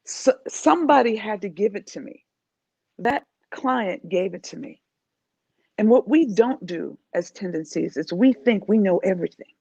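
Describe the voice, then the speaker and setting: A woman from New York, a life coach, talking as a guest in an interview in an animated, emphatic way. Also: mid-range voice, normal speed, vocal fry, breathy edge, no room sound, highs cut off. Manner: animated, emphatic, acts out quoted voices. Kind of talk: interview conversation.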